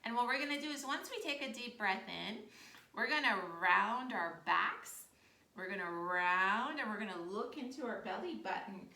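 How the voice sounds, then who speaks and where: An American woman leads a children's storytime yoga class, upbeat and encouraging, making playful animal noises. Her slightly high voice is animated, bright and pushed, at normal speed, recorded far from the mic in an echoey room.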